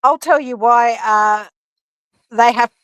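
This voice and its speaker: A woman's voice: fairly high pitch, slow, clear, resonant tone, low-quality recording. A woman on a livestream giving heated, indignant commentary, accusing others and mocking what they said.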